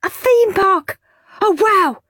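A woman voicing a naughty, loud young schoolboy who shrieks with excitement. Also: very high voice, takes it slowly, no room sound, voice pushed up, full character voice. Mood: excited.

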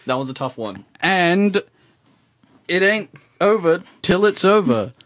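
A man co-hosting a casual community radio show, joking and unhurried as he reads out song titles. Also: high voice, very animated, fairly bright tone.

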